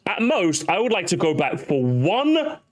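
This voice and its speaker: Young man, casual chat, high voice, very lively pitch, slangy. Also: unhurried. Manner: animated, swearing, slangy. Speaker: podcast host.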